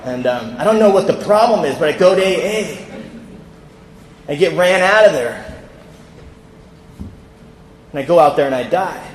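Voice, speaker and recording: A man from California stands before a convention crowd and tells his recovery story in a candid storytelling way, acting out the voices he quotes. His voice sits fairly high for a man. The sound carries the long reverb of a big, echoey hall. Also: animated, normal speed, pauses often, slight background noise. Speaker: recovery speaker. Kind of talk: personal recovery talk at a convention.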